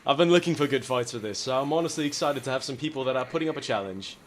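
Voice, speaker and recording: A man putting on a courtly gentleman duelist. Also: medium pitch, racing, slight background noise, natural voice. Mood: courtly, boisterous. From California. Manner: formal, courtly, keeps saying good sir. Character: overly polite old-fashioned male gentleman duelist. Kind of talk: in-game voice chat role-play.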